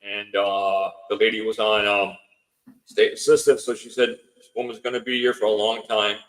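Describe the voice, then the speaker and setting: A man whose voice sits on the low side and is a bit bright speaks flatly at normal speed on a rough recording. He is a house owner guesting on a podcast, loosely retelling a long series of events through lots of quoted dialogue. He rambles, restarts often, and fills pauses with filler words.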